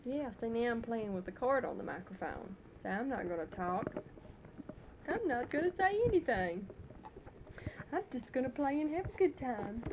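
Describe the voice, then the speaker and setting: A woman's voice: a little high, expressive, normal speed, muffled recording, noisy background. A woman talking baby talk to her infant in a coaxing, playful sing-song, speaking into a handheld tape recorder microphone at home. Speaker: mother recording a tape for her away husband.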